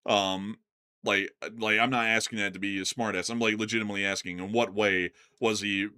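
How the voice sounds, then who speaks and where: A man hosts a casual livestream news rundown, joking as he goes and tripping over his words. His voice is bright and forceful. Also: lowish voice, little pitch movement, brisk, clean tone. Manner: jokey, loose, stumbles over words. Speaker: host of a war news livestream.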